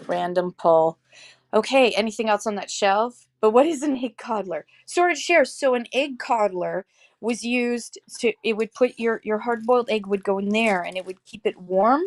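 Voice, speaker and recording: A woman holding her phone indoors and chatting casually on a seller livestream, rambling and correcting herself with quick laughs. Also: mid-range voice, no room sound. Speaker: online live-auction seller. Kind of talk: casual livestream chat and demo. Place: indoor room with shelves. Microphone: handheld phone.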